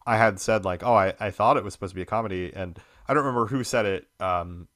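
A man talks casually on a podcast, circling his point with many fillers and false starts. His voice sits on the lower side but comes across bright and forceful. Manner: rambling, halting, many fillers and restarts. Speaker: podcast guest.

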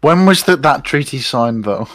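A man's voice: medium pitch, lively intonation, normal speed, fairly bright tone, dry recording. A man hosting a casual podcast chat, rambling and restarting his sentences while teasing his friends. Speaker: podcast host.

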